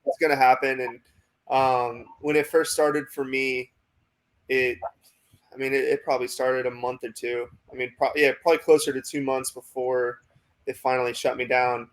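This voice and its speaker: A young man in his twenties, a pitching prospect, telling a long story in a casual interview, rambling with lots of "like" and "you know" and acting out what coaches said. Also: flat delivery, moderate pace. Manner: acts out quoted coaches in dialogue.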